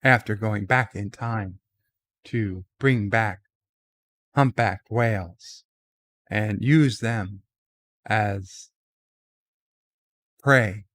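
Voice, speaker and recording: A man doing a comedic impression of a halting, grandiose male starship captain, with dramatic pauses between words. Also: fairly low pitch, a bit bright, no room sound.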